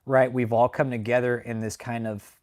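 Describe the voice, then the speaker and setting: A young man hosting a casual livestream talks to viewers at a moderate pace in a medium-pitched, darkish voice that barely moves in pitch. He rambles emotionally, swears heavily, and ends his sentences with "man."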